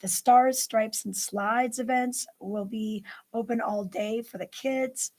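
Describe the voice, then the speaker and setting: A woman's voice: a little high, fairly even intonation, slow, a little mellow, poor audio. A woman hosting a live morning news show, chatting upbeat and running through local events with plenty of fillers. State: out of breath.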